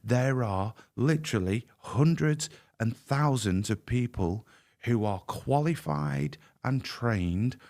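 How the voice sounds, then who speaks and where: A man's voice: mid-range voice, lively intonation, slow pace, darkish tone. A man speaking as a podcast guest, earnest and emphatic, often repeating words as he goes. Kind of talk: candid podcast conversation.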